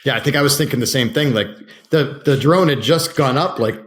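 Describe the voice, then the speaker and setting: A man co-hosting a podcast, relaxed and conversational, steering the talk with questions. His voice is mid-pitched and even. He recounts a job in a plain, easy way. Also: a little fast. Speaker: podcast co-host. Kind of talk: casual conversational chat.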